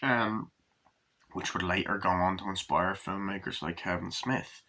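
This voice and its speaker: Male film fan, loose profane riffing, bright edgy tone, lowish voice, half-acts the quotes. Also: fairly even intonation, unhurried. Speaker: movie reviewer. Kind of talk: casual rambling film review.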